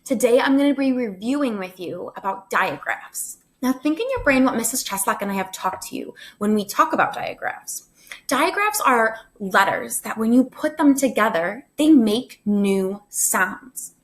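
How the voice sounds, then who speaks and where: A woman's voice: on the high side, lively intonation, moderate pace, a bit bright. A woman teacher giving a recorded phonics lesson to first graders, upbeat, chatty and encouraging.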